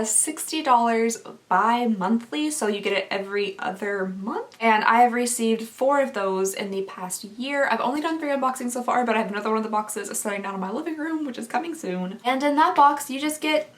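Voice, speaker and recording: A woman's voice: on the high side, normal speed, hardly any pauses, distant mic. A young woman vlogger chatting to camera, chatty and self-mocking as she adds up costs. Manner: chatty and self-mocking, laughs between sums. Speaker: beauty vlogger. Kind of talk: casual to-camera chat.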